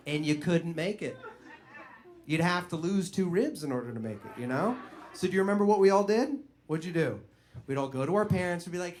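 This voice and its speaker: A man's voice: sits high, brisk, a little hiss or hum. A man performing a stand-up comedy routine, telling stories animatedly and acting out other people's voices.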